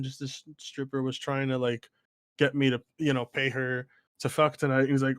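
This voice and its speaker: A man's voice: mid-range voice, brisk, dry recording, clean studio sound. A man co-hosting a casual podcast, telling stories with lots of laughter and acted-out voices. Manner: animated storyteller, laughs a lot, acts out voices. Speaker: podcast co-host.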